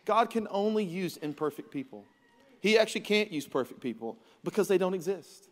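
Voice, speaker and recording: High-voiced, lively preaching man. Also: a little fast. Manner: energetic, joking, acts out his kids' voices. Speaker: pastor. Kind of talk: sermon. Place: large church auditorium. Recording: reverberant church hall.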